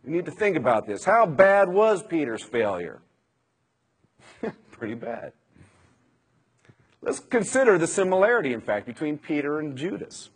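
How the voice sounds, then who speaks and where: A man preaching a conversational sermon, retelling scripture with rhetorical questions and a husky voice. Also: high-pitched, fairly bright tone.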